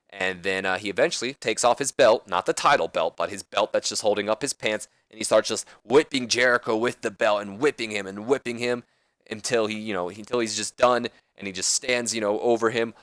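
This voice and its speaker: A man's voice: on the low side, fairly bright tone, clear, resonant tone, no room sound. A man casually commenting on his wrestling management game, rambling and correcting himself as he goes. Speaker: let's play host.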